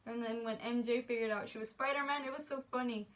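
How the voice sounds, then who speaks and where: A woman's voice: on the high side, fairly even intonation, fast talker. A young woman chatting casually in a movie review, gushing and giggly, rambling with lots of "like"s. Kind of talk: casual spoiler review chat.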